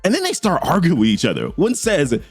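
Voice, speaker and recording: A man's voice: a little high, huge pitch swings, a little fast, husky, faint music behind. A man casually recapping a comic issue, retelling the panels in slangy quoted voices. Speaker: comic book reviewer.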